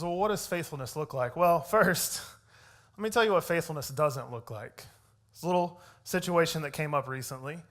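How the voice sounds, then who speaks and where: A man's voice: on the high side, a bit bright. Conversational man giving a church leadership talk. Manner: conversational, storytelling, often adds "right?". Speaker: church media arts director teaching leaders. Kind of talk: leadership talk with scripture reading.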